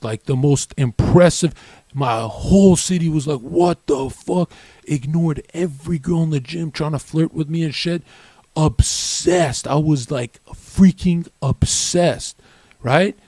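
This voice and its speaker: A man's voice: a little high, mellow, dry recording. A man giving a blunt, profane rant as a streamer, often ending lines with "right?". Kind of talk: brash motivational rant.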